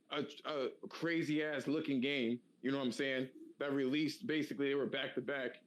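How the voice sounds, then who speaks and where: A man co-hosting a podcast in a loose, casual chat, slangy and animated with lots of fillers. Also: medium pitch, a little hiss or hum, rough recording. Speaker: podcast co-host.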